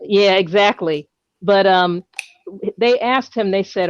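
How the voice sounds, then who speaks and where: A woman's voice: mid-range voice, takes it slowly, clean tone, dry recording. A woman with a New York accent in casual chat, talking emphatically and repeating words when she gets going. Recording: dull lo-fi sound.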